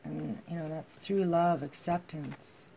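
A woman giving a heartfelt tarot reading to her viewers, reading card texts aloud and musing softly with many fillers. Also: low voice, fairly even intonation, slow, slight background noise. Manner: soft-spoken, heartfelt, with frequent fillers. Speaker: tarot reader.

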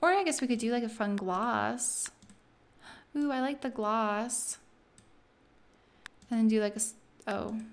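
A bubbly woman chats her way through a let's play in casual commentary, excitable and full of "like". Her voice sits a little high. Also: a little slow, long pauses. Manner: bubbly, chatty, excitable, lots of "like".

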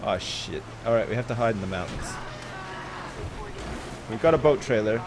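A man streaming a video game, commenting live in an excitable, jokey way with plenty of swearing. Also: lowish voice, normal speed, background noise.

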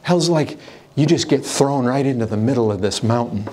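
A man delivers a sermon as pastor, his delivery impassioned. He climbs to raised, urgent peaks and then drops to low, hushed warnings. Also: normal speed. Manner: impassioned preaching, pitch swinging between raised intensity and low hushed warnings.

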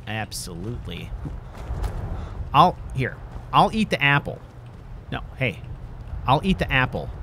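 A man talks through a game in character, joking and chatting to his dog companion. His speech is unhurried, but his pitch swings widely. Clear gameplay noise runs behind him. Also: very animated, bright, forceful tone. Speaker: role-play gamer. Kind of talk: in-character game role play.

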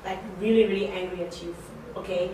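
A woman's voice: medium pitch, steady tone, fairly quick. A woman teaching a class of assistants, talking conversationally, repeating her points and questioning the class. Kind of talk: interactive classroom talk. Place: classroom or training room. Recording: very echoey room, distant mic, faint noise.

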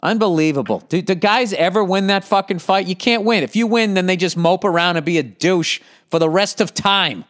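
A man's voice: high-pitched, a little fast, hardly any pauses. A middle-aged man with a Boston accent hosting a podcast, reading listener letters and ranting back with constant profanity. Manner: profane, animated ranting with frequent swearing; reads listener letters aloud, then rants back.

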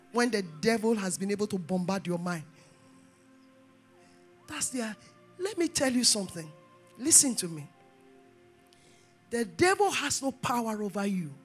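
A woman pastor, preaching a sermon in call-and-response style and rising to shouts. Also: on the high side.

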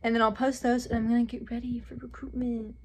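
A chatty young woman with a lilt, vlogging about her day into a phone at arm's length. Her voice sits a little high. A faint hum of noise runs under it. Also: level tone, fast, darkish tone. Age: young adult. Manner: chatty, upbeat, says "like" often. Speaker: vlogger, college student. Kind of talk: casual vlog chat.

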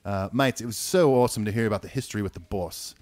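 A man's voice: lowish voice, fast talker, darkish tone, no room sound, close to an everyday voice. A man putting on an exaggerated Australian accent to read a listener email, drifting toward Cockney. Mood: playful.

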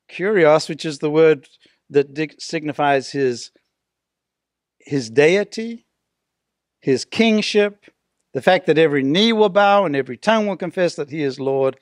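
An older man preaching a sermon as pastor, stretching out key words and dropping to a hush at the ends of phrases. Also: a little high, no echo, studio quality.

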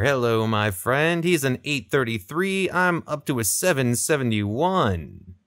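A young man giving casual, chatty commentary over his own gameplay, relaxed and laughing often. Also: mid-range voice, a little slow, no echo, studio quality. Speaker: gaming video creator.

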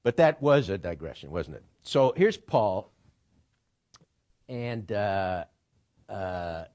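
A man's voice: fairly low pitch, animated, takes it slowly, darkish tone. A man giving an informal lecture on writing, rambling and digressive, with profane asides.

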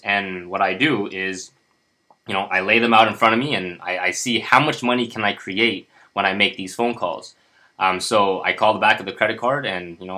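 A man with a lowish, pushed, bright voice casually walks viewers through a personal finance spreadsheet in a screen-share tutorial. He's chatty and upbeat, with lots of fillers and restarts.

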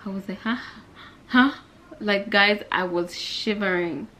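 A young woman from Zambia telling a childhood story to viewers in a casual, animated way. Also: medium pitch, moderate pace, slight background noise. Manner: animated, chatty, addresses viewers directly. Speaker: vlogger.

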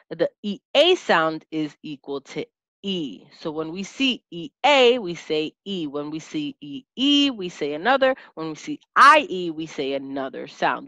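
A woman teaching a lesson, sounding out letters and syllables slowly and clearly as an instructor. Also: fairly low pitch, bright, forceful tone, dry recording. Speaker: teacher and test-prep instructor.

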